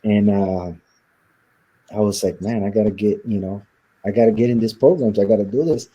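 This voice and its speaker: A man's voice: lowish voice, moderate pace, warm tone, muffled recording. A man being interviewed, earnestly telling a reflective personal story and acting out the voices of the people in it. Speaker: interview guest. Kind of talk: conversational storytelling.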